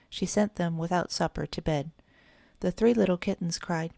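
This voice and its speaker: A woman narrating a children's storybook in a steady, gentle read-aloud manner. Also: on the low side, normal speed, vocal fry, no echo. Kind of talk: storybook reading.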